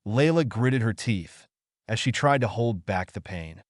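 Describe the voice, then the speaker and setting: A man narrating a web novel story in an expressive storytelling manner. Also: on the low side, a little slow, no room sound, clean studio sound.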